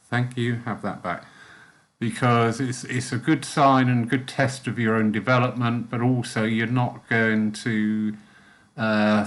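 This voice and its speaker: A man leading a church group's guided meditation, then chatting casually with them in a gentle, soft-spoken way. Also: on the low side. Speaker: spiritualist church meditation leader.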